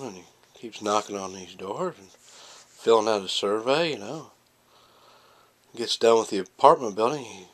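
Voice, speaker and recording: A man with a fairly low voice tells jokes in a loose, rambling way. He stumbles over words and restarts often, then bursts into loud, excited character voices. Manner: rambling with many fillers and restarts. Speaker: comedian telling jokes. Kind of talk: casual joke telling.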